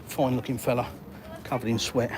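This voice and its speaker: A man's voice: medium pitch, little pitch movement, moderate pace. Chatty retired Englishman on a walk. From England. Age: older. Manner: chatty, reads viewer comments aloud, matey. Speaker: vlogger. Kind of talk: live-streamed walk and talk. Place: outdoors by water in a town. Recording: outdoor traffic noise.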